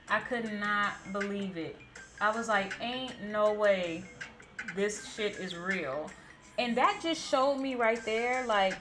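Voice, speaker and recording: A woman in her thirties hosting a gaming channel, telling a story in a blunt, animated way and swearing freely. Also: a little high. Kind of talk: casual storytime chat.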